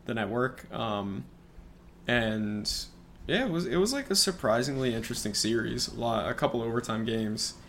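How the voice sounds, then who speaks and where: Mid-pitched dude chatting on a podcast, lots of likes and restarts. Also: male voice, expressive, normal speed, fairly bright tone, a little hiss or hum. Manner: hesitant, many fillers and restarts. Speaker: podcast co-host. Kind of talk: casual sports chat.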